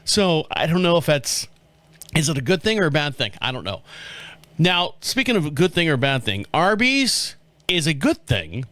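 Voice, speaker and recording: A man's voice: fairly high pitch, sing-song, moderate pace, fairly bright tone, no room sound. A middle-aged man from the States, hosting a podcast in a rambling, joking way and chuckling often. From southern United States. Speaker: podcast host. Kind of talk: casual chat.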